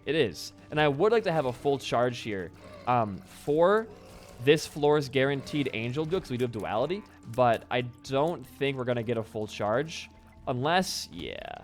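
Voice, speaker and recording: Young man, casual gameplay commentary, animated up-and-down voice, faint music behind. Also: mid-range voice. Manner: rambling, self-deprecating, swears freely. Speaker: gaming YouTuber.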